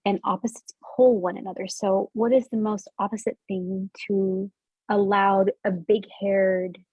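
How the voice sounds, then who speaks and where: Bubbly laughing woman author, husky voice. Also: mid-range voice, level tone, unhurried, darkish tone, dry recording. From United States. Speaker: author guest. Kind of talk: casual interview chat.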